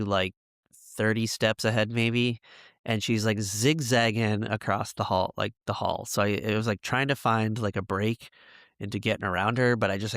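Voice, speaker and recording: A male podcast co-host with a fairly bright tone on the low side tells rambling school stories, laughing often and using many fillers. The sound is clean studio quality with no room sound.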